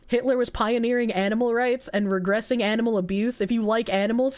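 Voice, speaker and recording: A young woman with a Boston accent, streaming and chatting casually with her live chat, her voice a little rough from being sick, swearing and often breaking into high squeals. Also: brisk. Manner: animated, swearing, frequent laughter, jumps to high squeals.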